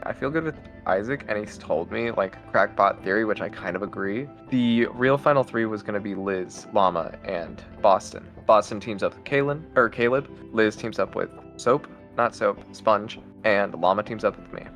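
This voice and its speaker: Lower-voiced man, thinking out loud. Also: normal speed, faint music behind. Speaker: contestant. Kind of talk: casual game chat.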